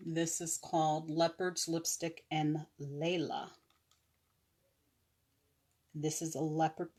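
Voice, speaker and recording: Woman, low voice, slow and chatty, live stream seller. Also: a little mellow. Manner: chatty, with fillers and self-corrections. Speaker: online nail seller. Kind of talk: casual live product demo.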